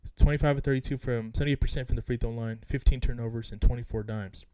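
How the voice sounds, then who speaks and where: A man rants casually as a sports fan vlogger, frustrated and emphatic, circling back to the same points again and again. His voice sits in a mid register with a warm, darkish tone. The sound is close and dry. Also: mid-range voice, fairly even intonation, fast, no echo. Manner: frustrated, emphatic, repeats himself. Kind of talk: casual rant about a basketball game.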